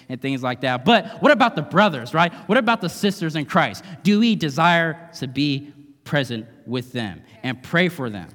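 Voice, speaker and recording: A man's voice: mid-range voice, a little fast, a bit bright. A male guest preacher giving a conversational, emphatic sermon in a church, often adding tag questions. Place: church sanctuary. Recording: long hall reverb.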